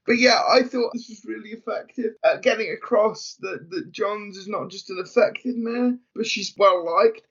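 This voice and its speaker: High-voiced man musing over lo-fi audio. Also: moderate pace, few pauses, fairly bright tone, husky. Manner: musing, repeats words as he thinks aloud. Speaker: podcast co-host. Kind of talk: casual discussion. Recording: dull lo-fi audio.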